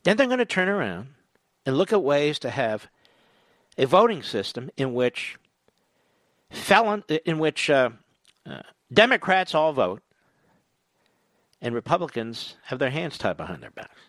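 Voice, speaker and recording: A man's voice: a little high, sing-song, measured pace, pauses often, a bit bright, no echo. A man hosting a talk radio show, delivering a combative, sarcastic political monologue that rambles from point to point.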